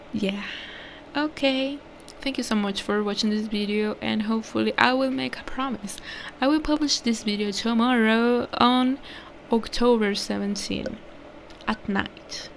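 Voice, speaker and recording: A woman's voice: on the high side, normal speed, creaky, a little hiss or hum. A young woman whose first language is Spanish, chatting casually in a rambling vlog outro, correcting herself and sometimes dropping to a whisper. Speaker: vlogger.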